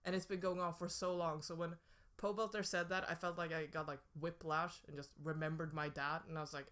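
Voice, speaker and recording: A young woman in casual podcast chat who keeps the banter playful. Her voice sits a little low for a woman. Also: little pitch movement, a little fast, a bit bright. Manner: playful, joking. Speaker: podcast co-host.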